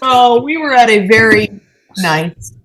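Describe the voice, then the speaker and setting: Woman panelist, higher voice, animated swearing storyteller who acts out every line. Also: takes it slowly, over a noisy crowd. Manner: animated, profane storytelling with acted-out dialogue. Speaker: podcast panelist. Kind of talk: casual storytelling chat.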